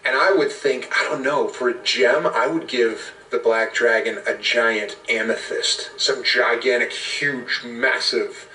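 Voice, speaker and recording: A man's voice: mid-range voice, measured pace, few pauses. Rambling man answering fan questions. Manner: animated, rambling, slips into character voices. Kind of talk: casual Q&A. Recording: roomy, from a distance.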